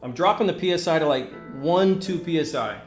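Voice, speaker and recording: A man's voice: a little high, lively intonation, a little fast. A man from the United States running a casual livestream painting demo, rambling and chatty, with casual swearing. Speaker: scale-model painting instructor. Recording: music playing clearly behind the voice. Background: music.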